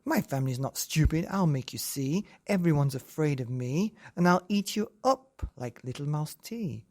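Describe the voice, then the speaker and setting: Fierce, proud Gruffalo mother, a man doing her voice, raised and shrill; storybook. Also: animated, normal speed, darkish tone. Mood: boastful. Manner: scolding, boastful.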